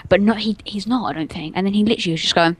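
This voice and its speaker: A woman's voice: medium pitch, rapid-fire, background noise. A young adult woman telling a story in casual chat, rambling and giggling, stringing everything together with "and then". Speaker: podcast co-host telling a story.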